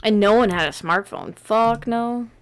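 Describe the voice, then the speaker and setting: A woman's voice: mid-range voice, animated, measured pace. A woman in her thirties co-hosting a podcast, chatting casually and telling stories with plenty of "like" fillers. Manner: chatty storyteller, lots of "like" fillers. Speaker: podcast co-host. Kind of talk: casual chat.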